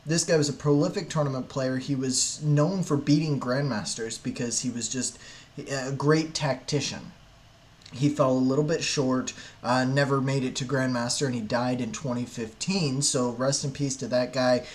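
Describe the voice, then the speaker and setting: A man giving casual online commentary in a relaxed, offhand way, with some fillers. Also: medium pitch, normal speed.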